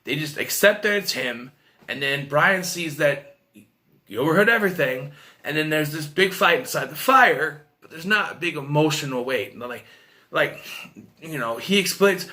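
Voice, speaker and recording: A man's voice: on the high side, big pitch swings, moderate pace, pushed and bright. A man giving a casual, rambling film review, retelling scenes and quoting characters, with frequent restarts and fillers. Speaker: movie reviewer.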